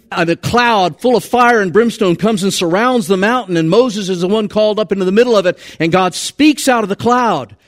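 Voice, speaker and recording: A man preaching a sermon in an animated, conversational way. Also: high voice.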